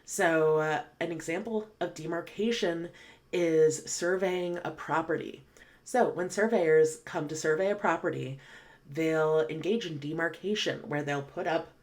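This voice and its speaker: Low-voiced woman teaching English words. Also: measured pace. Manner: patient, clear, spells out definitions then reads example sentences. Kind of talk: explanatory vocabulary lesson.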